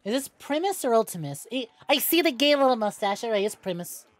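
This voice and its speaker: High-voiced excitable woman streamer. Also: fairly quick, no echo. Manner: chatty, excitable, swears freely. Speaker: VTuber streamer. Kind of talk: casual gameplay stream chat.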